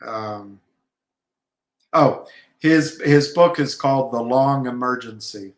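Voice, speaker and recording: A man discusses markets and trading in a loose, halting ramble, full of fillers and sentences he abandons and restarts. He speaks slowly at a middling pitch, and the echoey room gives his voice a noticeable echo.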